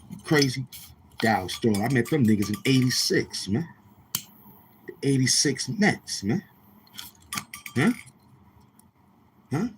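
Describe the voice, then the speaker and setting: A man's voice: medium pitch, a little hiss or hum. A man from Brooklyn, hosting a livestream and telling rambling, profane stories while calling out to the chat. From Brooklyn, New York. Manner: rambling, profane, keeps asking the chat questions. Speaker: show host.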